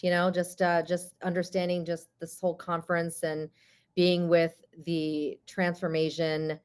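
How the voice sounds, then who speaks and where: A woman, the board chair, giving warm, emotional closing remarks over a video call at a virtual conference. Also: lowish voice. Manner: emotional, effusive, chatty.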